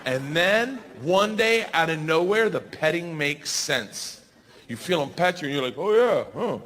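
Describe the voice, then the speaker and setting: A man in his forties from the United States, doing a stand-up comedy routine with loud, animated storytelling. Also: fairly high pitch, a little slow. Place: large theater stage. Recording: live in a large hall with crowd. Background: audience laughter and noise.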